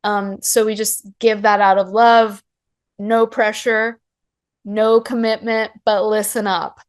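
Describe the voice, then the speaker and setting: A middle-aged woman giving a passionate, emphatic webinar talk as an Ayurveda teacher, telling stories with lively emphasis. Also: medium pitch, slow pace, smooth. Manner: passionate, emphatic, animated storytelling.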